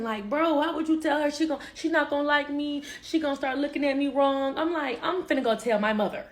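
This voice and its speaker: A young woman telling a personal story in casual vlog style, animated and acting out what people said. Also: high-pitched, moderate pace. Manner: animated, acts out quotes, laughs. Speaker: vlogger.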